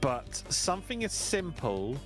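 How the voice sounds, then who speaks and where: A British man as guest on an online interview, relaxed and playful, rambling with restarts. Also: fairly high pitch, unhurried, faint music behind. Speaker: guest VTuber. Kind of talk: casual interview chat.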